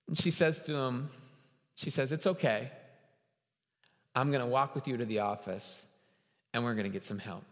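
A man in his thirties preaching a sermon as a guest pastor, telling stories and building to loud, emphatic peaks. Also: mid-range voice, lively intonation, brisk, long pauses. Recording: long hall reverb.

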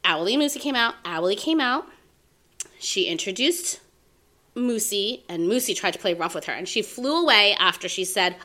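A woman's voice: medium pitch, animated, normal speed, sharp tone. A woman who teaches preschool, co-hosting a casual podcast chat and laughing easily as she talks.

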